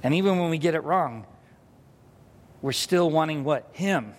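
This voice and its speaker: A man preaching a sermon as pastor, telling a parenting story and acting out the scenes with lively energy. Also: on the high side, a little slow, a little hiss or hum. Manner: animated storytelling, acts out scenes. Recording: hall reverb.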